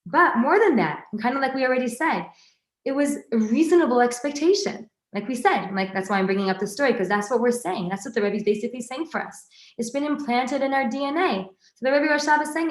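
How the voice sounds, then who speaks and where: Her voice a little high and fairly quick, a woman teaches an informal Torah class with lively, conversational energy. She keeps restarting sentences and tossing asides to her listeners, and the room sounds echoey.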